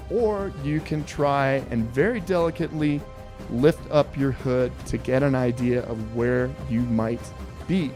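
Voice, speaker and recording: A man hosting a podcast interview, politely addressing his guest as sir while laying out a survival quiz with lively storytelling. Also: medium pitch. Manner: respectful, calls guest sir, animated storyteller. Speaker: podcast host.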